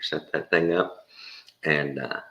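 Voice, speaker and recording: A man's voice: very deep voice, slow pace, gravelly, bright, forceful tone. A man telling a rambling, folksy anecdote in a casual way, sprinkled with mild swearing. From Texas. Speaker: storyteller.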